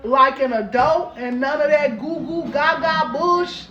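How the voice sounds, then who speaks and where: A lively woman vlogger talks straight to her camera at home, her voice sitting a little higher than most. She keeps it playful and animated, calling her viewers baby and girl. The room gives her voice a roomy echo. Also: unhurried, muffled recording, slight background noise. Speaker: vlogger and mom. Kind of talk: casual chat to camera. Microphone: camera set up on a stand.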